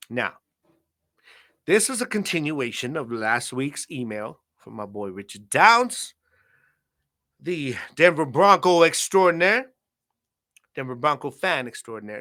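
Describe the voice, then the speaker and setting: A man hosts a football podcast by himself, speaking slowly with long pauses in a fairly high, animated voice that sounds pushed and bright. His solo talk is casual and laid-back, full of slang and fillers like "man" and "you know".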